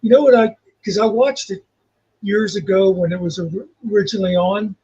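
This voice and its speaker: A man on a muffled, lo-fi call line joins a casual livestream and talks in meandering stretches full of fillers. His voice is high and husky, with a breathy edge. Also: a little fast, a little mellow, dry recording. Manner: meandering, filler-heavy storytelling. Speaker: guest on livestream.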